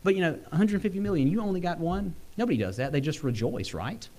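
Animated preacher man. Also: fast. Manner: animated, swings pitch and pace, chuckles often. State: sick, using cough drops. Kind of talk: sermon.

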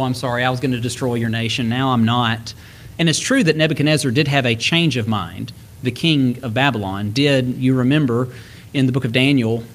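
A man preaching a sermon, reading scripture slowly and breaking into quick, folksy asides. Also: mid-range voice, fairly bright tone. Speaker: pastor.

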